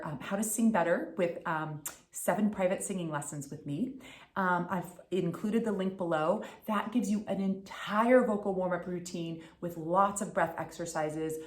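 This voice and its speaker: A woman voice coach giving an upbeat tutorial, enunciating crisply. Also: fairly low pitch, roomy sound. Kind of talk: instructional tutorial.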